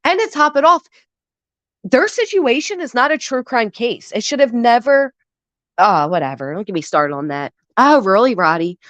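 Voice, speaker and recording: A woman's voice: a little high, very animated, a bit bright, dry recording, dull audio. A woman in her thirties hosting a casual live stream while getting over the flu, chatting with her viewers. She talks candidly and curses freely, swinging between sappy gratitude and indignation. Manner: candid, emotional and profane, shifts quickly between sappy and indignant. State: recovering from the flu. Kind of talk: casual live-stream chat, reading and answering chat.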